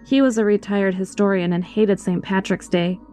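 A woman reading a first-person horror story aloud in an expressive, scripted storytelling voice, with faint music behind her. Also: medium pitch, moderate pace.

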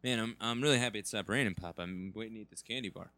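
A man's voice: on the low side, very fast, bright, forceful tone, no room sound. A man playing a gloomy young ballplayer son in an improvised comedy scene, in an earnest, plain voice. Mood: downcast. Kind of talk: improvised comedy role-play.

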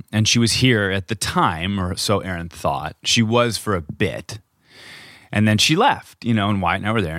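A man's voice: lowish voice, fairly bright tone, no room sound, clean studio sound. A middle-aged man, a podcast co-host, telling a story in casual chat, acting out quotes and swearing freely.

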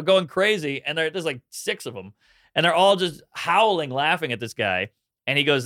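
A man's voice: on the high side, normal speed, no room sound, clean studio sound. A man in his thirties from New Orleans, a comedian guest telling a story in casual chat and acting out the voices of the people in it. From New Orleans, Louisiana. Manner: animated storyteller who acts out voices.

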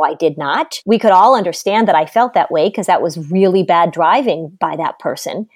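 A woman's voice: on the low side, a little mellow, no echo, studio quality. Emphatic middle-aged woman giving parenting advice. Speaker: parenting expert guest. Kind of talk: podcast conversation.

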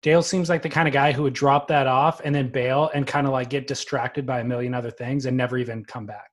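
A man telling a story in a relaxed, wry way during a casual podcast chat. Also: medium pitch, quick pace.

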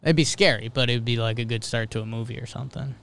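Dude cohosting a podcast, smooth clear voice, dry jokey banter, mid pitch. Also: male voice, steady tone, fast, a bit bright. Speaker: podcast co-host. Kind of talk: casual chat.

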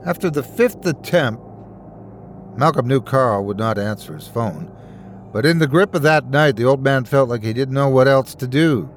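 Guy reading a scary story, steady and suspenseful, mid-pitched voice. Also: moderate pace, slight background noise. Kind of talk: scripted horror narration.

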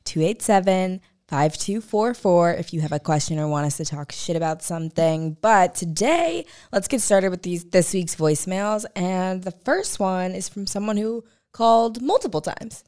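A woman's voice: lowish voice, expressive, moderate pace, hardly any pauses, darkish tone. A woman co-hosting a podcast in casual chat, frank and chatty, often agreeing with her partner. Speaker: podcast co-host.

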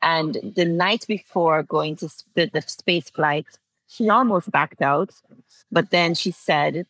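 A woman's voice: low voice, slow, a bit bright, poor audio. A woman in her forties from Antigua, telling a personal story as an interview guest in a heartfelt way, laughing through tears and restarting phrases. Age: 40s.

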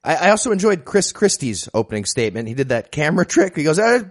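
A man's voice: fairly high pitch, very animated, fast. A man appearing as a podcast guest in casual comedic chat, recounting wryly with small stumbles.

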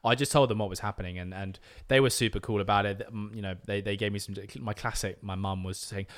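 A young British man on a podcast, telling stories in a lively, animated way and slipping into voices when he quotes people. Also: fairly low pitch, quick pace. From Britain. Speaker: podcast guest. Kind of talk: casual chat.

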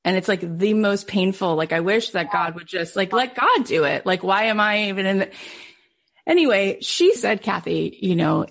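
A woman's voice: medium pitch, normal speed, creaky. A woman podcast host telling a heartfelt personal story, emotional and acting out what others said. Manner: emotional, quotes others in lively voices.

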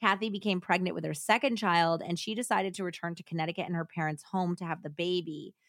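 A woman's voice: on the low side, steady tone, quick pace, a bit bright, no room sound, clean studio sound. A woman hosting a podcast, telling a true-crime story casually with many fillers and laughs. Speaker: podcast host.

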